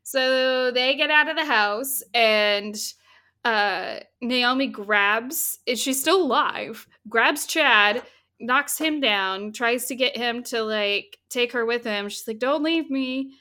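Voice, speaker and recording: A woman casually retelling a film's plot as a podcast co-host, lively and swearing freely. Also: fairly high pitch, slow. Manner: animated storytelling, swears freely. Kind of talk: casual chat recapping a film.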